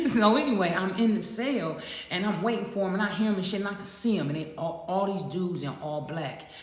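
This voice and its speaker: A woman's voice: mid-range voice, expressive, moderate pace. A woman telling a profane jail story casually to her audience, laughing often. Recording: echoey roomy sound with long reverb.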